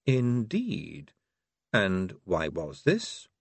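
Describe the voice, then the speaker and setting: A man voicing a cool, calculating male city ruler who speaks slowly, with dry precision. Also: mid-range voice, sing-song, dry recording, pitched above the performer's own voice. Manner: slow, measured and dry.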